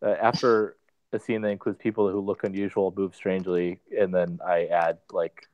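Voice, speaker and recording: A man player talking through a tabletop game scene, halting and full of fillers. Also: low-pitched, little pitch movement, darkish tone, no room sound. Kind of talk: casual tabletop game chat. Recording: dry dull lo-fi call audio.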